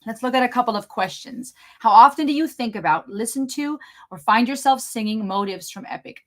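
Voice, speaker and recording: A young woman with a slight German accent chats through a live Q&A stream. She talks quickly and gets excited easily, in a voice of ordinary pitch. Her tone is casual and friendly, like an everyday vlog host. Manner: excitable, fast-talking, chatty. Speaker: channel host doing a live Q&A.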